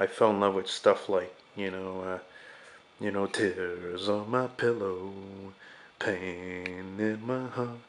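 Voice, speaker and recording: A man's voice: lowish voice, gravelly, a bit bright. A man around forty, an artist hosting his own channel, talking casually in a rambling, hesitant way with frequent fillers and casual swearing. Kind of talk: casual vlog talk.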